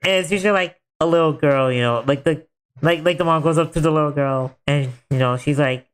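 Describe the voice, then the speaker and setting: A man's voice: a little high, fairly even intonation, brisk, clear, resonant tone. A man streaming a game, chatting casually in a rambling way full of filler words. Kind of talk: casual chat while gaming.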